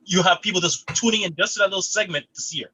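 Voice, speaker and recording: A man co-hosting a casual podcast, chiming in with quick, playful remarks. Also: sits high, sharp tone, slight background noise, rough recording. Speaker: podcast co-host. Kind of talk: casual chat.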